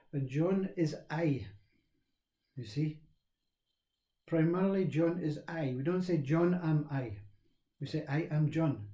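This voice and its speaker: A man giving a slow, reflective spiritual talk on self-inquiry, repeating phrases as he teaches. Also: a little high, warm tone, reverberant.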